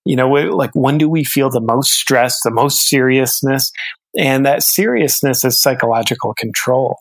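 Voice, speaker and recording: A man talking as a podcast guest, reflective and halting, often restarting his sentences. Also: medium pitch, creaky, dry recording, poor audio. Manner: thoughtful, halting, with many restarts. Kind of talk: reflective interview talk.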